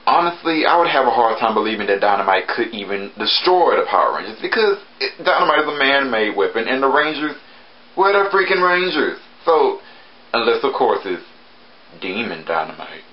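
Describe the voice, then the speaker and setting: A man casually reviewing a TV episode, chatty with sarcastic asides and sudden jumps in pitch. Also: big pitch swings, brisk, dull audio.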